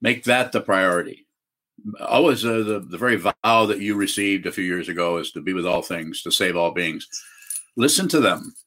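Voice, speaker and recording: A man teaching as a Zen teacher on a video call, answering questions in a halting way with many fillers and restarts. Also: low-pitched, sharp tone.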